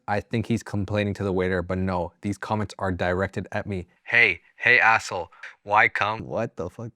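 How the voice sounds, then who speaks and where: A channel host reads online stories aloud in a low, slightly mellow voice with studio quality and no room sound. As narrator he breaks in with casual, profane, joking asides and swears freely.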